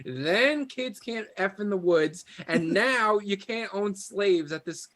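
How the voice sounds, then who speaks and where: A man's voice: high-pitched, slow pace, a bit bright. A man in casual podcast chat making dry, sarcastic quips.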